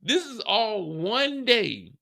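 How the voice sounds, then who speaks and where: Gravelly, bright-voiced male show host. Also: sits high, slow. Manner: animated, profane storytelling. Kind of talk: live TV episode recap.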